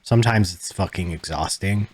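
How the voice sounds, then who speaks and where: A young adult man co-hosting a podcast, talking in a calm, low-key way and swearing casually. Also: moderate pace, breathy edge. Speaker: podcast co-host. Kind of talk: casual chat.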